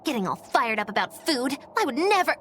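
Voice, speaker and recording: A mischievous young mage who teases and needles in a high, bouncy voice that swoops all over. The game voice acting is theatrical and playful. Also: female voice, sing-song, a little fast, fairly bright tone, a little hiss or hum.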